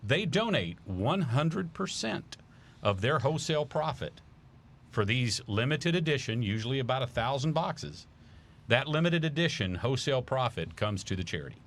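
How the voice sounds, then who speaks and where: A man's voice: medium pitch, expressive, brisk, slight background noise. A man talking casually on a podcast as a guest, telling an enthusiastic story with lots of fillers. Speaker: charity founder guest.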